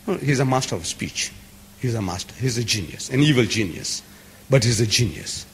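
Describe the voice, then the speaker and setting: A man's voice: medium pitch, expressive, brisk. A man giving an impassioned public lecture, speaking emphatically and stacking long repeated lists. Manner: emphatic, repetitive, building lists. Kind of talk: impassioned lecture to a live audience. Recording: echoey hall.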